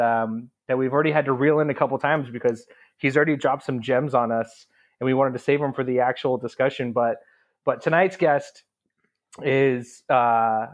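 A man in his thirties co-hosts a podcast in loose, casual chat. He restarts and repeats his words as he goes, and his pitch sits in a plain middle range. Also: lo-fi sound. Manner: halting, repeats words as he talks. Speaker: podcast co-host.

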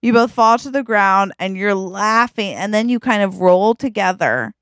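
A woman's voice: mid-range voice, lively intonation, normal speed, a bit bright, no room sound, clean studio sound. A woman co-hosting a podcast, improvising a silly romantic story with a giggly, playful manner and quoted voices. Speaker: podcast co-host.

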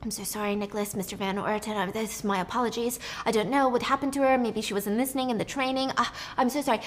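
A woman's voice: on the high side, steady tone, quick pace, lightly acted. A woman voicing a nervous, fawning head waiter who stumbles over his apologies to a rich customer. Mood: apologetic. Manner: fumbling, apologetic, hushed.

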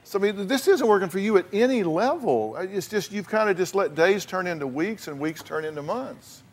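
A man with a fairly high speaking voice counsels guests on a talk show stage. He is blunt and emphatic and repeats words as he presses his points. His phrasing is folksy. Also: expressive, a little fast.

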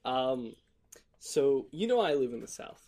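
A man's voice: medium pitch, very animated, a little slow, dark tone. Laid-back, joking male podcast co-host. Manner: laughs often, loose and profane, rambling with fillers. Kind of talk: casual joking chat. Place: lives in Florida.

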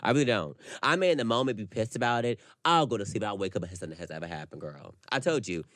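A man's voice: lowish voice, animated, fast talker, fairly bright tone, no room sound, studio quality. A man co-hosting a podcast, chatting casually and animatedly, swearing freely and laughing often. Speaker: podcast co-host. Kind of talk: casual chat.

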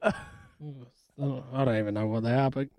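A man's voice: mid-range voice, steady tone, takes it slowly, darkish tone, no echo. A man hosting breakfast radio, rambling and joking and often laughing, on a studio microphone. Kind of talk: casual breakfast radio banter.

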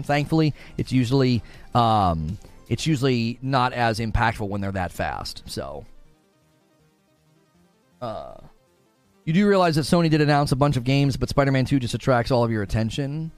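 Animated male livestream host. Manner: animated, exaggerated high-pitched voice when mocking or acting out others. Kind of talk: casual live-stream chat.

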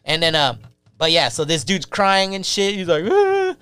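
A young man telling a story in casual chat, profane and animated, acting out the voices of the people in it. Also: a little high, moderate pace, smooth, no room sound.

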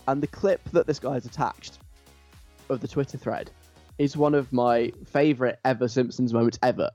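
A man's voice: medium pitch, mellow, dry recording, lo-fi sound. A man presenting a radio show, chatting casually with enthusiastic, nerdy asides.

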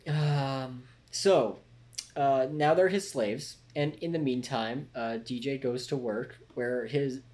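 A man co-hosting a casual recap podcast, relaxed as he sums up the plot. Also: medium pitch, takes it slowly. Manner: relaxed storyteller, summarizes plot. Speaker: podcast co-host. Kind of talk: casual chat.

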